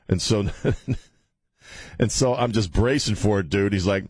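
A man's voice: sits low, fairly quick, slightly rough, no room sound. A male talk radio host chatting casually in a studio, telling stories with lots of wisecracks and laughter. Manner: animated storyteller, laughs often, wisecracking. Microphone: studio microphone.

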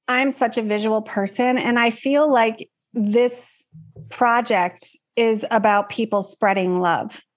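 A woman's voice: on the high side, steady tone, takes it slowly, faint music behind. A woman speaking as a podcast guest about her own work, earnest and reflective, loosely rambling. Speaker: guest, card deck creator. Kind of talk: casual interview chat.

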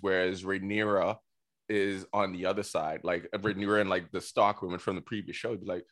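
A man co-hosting a casual podcast chat, animated and acting out characters in funny voices. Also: low voice, moderate pace, dry recording, studio quality. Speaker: podcast co-host.

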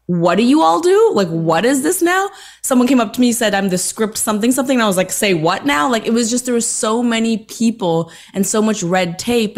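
A woman, a podcast guest telling animated, self-mocking stories with voiced quotes. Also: mid-range voice. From Toronto, Canada. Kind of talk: casual interview chat.

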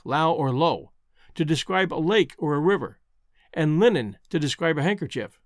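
A man's voice: a little high, no room sound. Man narrating with dry sarcasm. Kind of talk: scripted documentary narration.

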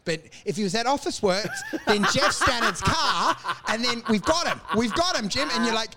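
A man's voice: very high voice, lively intonation, normal speed, few pauses, a crowd in the background. An Australian man in casual comedic banter, riffing and laughing as he acts out absurd scenarios.

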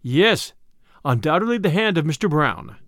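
A man's voice: fairly high pitch, big pitch swings, fairly bright tone, no room sound. A man reading a weary older spymaster. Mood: grave. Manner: measured, grave and tired. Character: weary older male spymaster, calm and grave.

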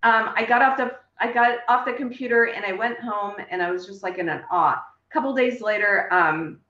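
A woman's voice: medium pitch, normal speed, bright, forceful tone. Woman, interview guest, emotional storyteller, reenacts dialogue, echoey room, slightly dull audio. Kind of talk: personal storytelling in conversation. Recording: roomy, slightly dull sound.

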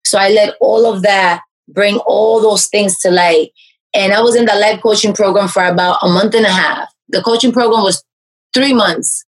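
A woman with a slightly husky, breathy voice at a medium pitch tells her own story in an interview. She is an animated life coach who leans on fillers and restarts. Her pitch jumps up whenever she acts out what someone said. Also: normal speed, rough recording. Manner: animated storyteller, raises pitch to act out quoted speech.

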